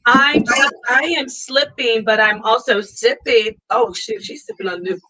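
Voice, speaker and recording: A woman from Phoenix, Arizona hosts a casual online talk stream over a video call, speaking at a measured pace in a fairly high voice. She's playful, laughs a lot and offers warm greetings, though the recording is rough.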